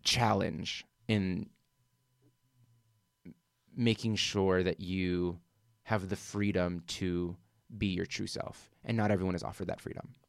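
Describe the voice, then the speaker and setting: A man's voice: deep voice, fairly even intonation, slow pace, gravelly, long pauses, no echo, clean studio sound. A man talking in a casual conversation, earnest and reflective, telling a personal story with many "like" fillers.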